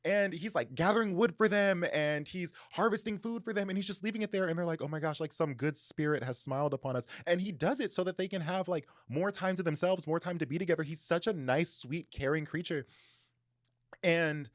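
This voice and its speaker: Fast-talking animated male podcast host. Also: sits high, dry recording, studio quality. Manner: animated, frequent "like" fillers, laughs while telling. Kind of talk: casual book discussion.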